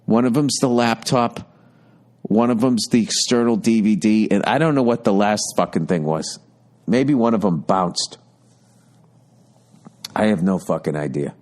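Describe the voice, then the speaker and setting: A man's voice: on the low side, measured pace, long pauses, darkish tone. Man, fifties, podcast host, rambling comic story, constant swearing, exasperated. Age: 50s. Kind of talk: profane comic storytelling monologue.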